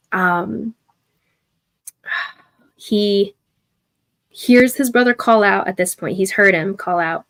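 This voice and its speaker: A woman narrating a tabletop game as game master, telling it dramatically with some fillers. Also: mid-range voice.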